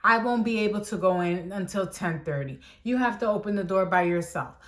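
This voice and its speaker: A woman quoting her evasive male boss, who talks in a hurried, placating way. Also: mid-range voice, lightly acted. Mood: defensive. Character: flustered male boss, evasive and making excuses.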